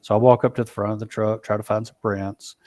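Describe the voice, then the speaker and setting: A man's voice: fairly low pitch, flat delivery, darkish tone, no room sound. Man recounting an encounter, dry sound. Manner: halting, with frequent restarts and "you know". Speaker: guest, Bigfoot researcher. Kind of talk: storytelling in a casual interview.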